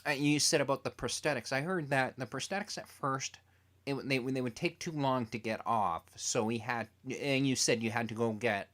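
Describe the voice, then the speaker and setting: A man interviewing a TV creator as a fan, telling stories in an animated way and acting out quotes. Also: medium pitch, moderate pace. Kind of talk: casual interview chat.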